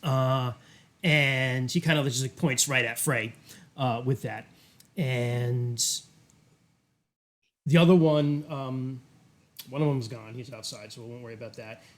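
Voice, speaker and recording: A man's voice: mid-range voice, steady tone, unhurried, long pauses. A man narrating a tabletop game as game master, loose and hesitant with many fillers.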